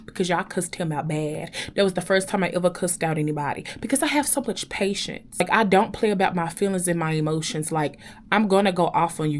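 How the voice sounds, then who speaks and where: A young woman telling a personal story to her viewers in an animated, chatty way, often calling out to them directly. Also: fairly low pitch. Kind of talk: casual storytime chat.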